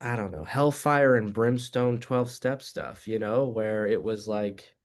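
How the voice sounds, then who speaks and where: A man being interviewed in a reflective conversation, earnest and explanatory, sometimes animated as he tells stories. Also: fairly low pitch, a little slow. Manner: animated storytelling, acts out voices in anecdotes. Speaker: guest, addiction treatment director.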